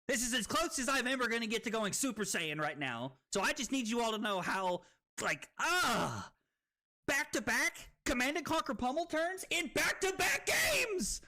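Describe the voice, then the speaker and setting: A man streaming a card game, tipsy and rowdy, swearing, laughing and shouting with excitement. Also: very high-pitched, moderate pace. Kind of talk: rowdy drunk livestream chat.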